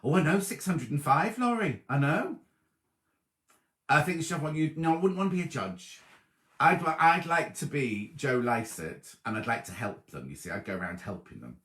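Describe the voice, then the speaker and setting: Reading out viewer messages and warmly welcoming people by name, this middle-aged host keeps his live sewing chat stream chatty and casual. He speaks at a normal pace with a fairly high pitch and lively intonation, in a roomy, echoey space.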